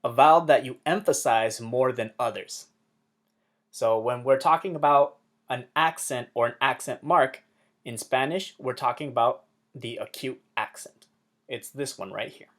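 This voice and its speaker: A man's voice: medium pitch, a little slow, fairly bright tone. A man teaching an introductory Spanish lesson, explaining things plainly with an upbeat manner and small jokes.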